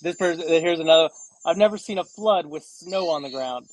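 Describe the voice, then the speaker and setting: High-voiced man in rambling chat. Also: fairly quick, no room sound, poor audio. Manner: rambling, many restarts and fillers. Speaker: co-host. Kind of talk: casual podcast chat.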